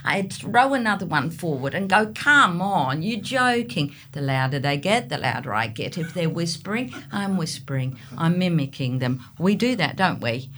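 Low-voiced animated middle-aged woman. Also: moderate pace, hardly any pauses, slight background noise. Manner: animated storyteller, acts out buyers. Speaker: real estate agent. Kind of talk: podcast interview.

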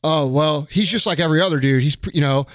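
A man's voice: fairly high pitch, fast talker, no room sound, studio quality. Blunt, profane man in casual talk. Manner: blunt, profane, emphatic, lively imitations. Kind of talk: casual podcast chat.

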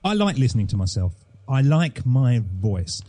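A man's voice: medium pitch, big pitch swings, moderate pace, warm tone, no room sound. A man from England, a podcast host, chatting in an interview with enthusiastic, emphatic storytelling. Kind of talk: casual interview chat.

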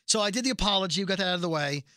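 Bright, rambling male podcast host. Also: high voice, expressive, rapid-fire, smooth, dry recording. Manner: rambling, self-correcting storyteller. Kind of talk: casual chat.

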